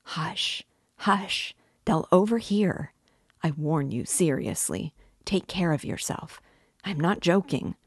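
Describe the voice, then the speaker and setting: Woman reading a sly teasing male lawyer, ironical, good-humored, low voice, slow and deliberate, dry close sound. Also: dry recording. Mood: urgent hush. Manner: teasing, mock-friendly questioning. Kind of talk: audiobook reading.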